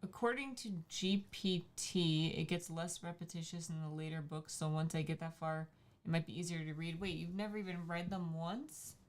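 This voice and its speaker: A woman's voice: lowish voice, steady tone, normal speed. A woman co-hosting a livestream, chatting casually in a teasing, playful way and jumping between topics. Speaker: livestream co-host. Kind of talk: casual chat.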